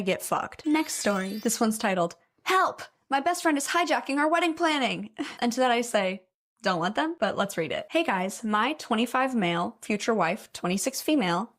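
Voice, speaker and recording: A woman's voice: mid-range voice, expressive, moderate pace. Blunt, swearing young woman. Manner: blunt, opinionated, swears freely. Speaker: story reader and commentator. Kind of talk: casual reaction commentary.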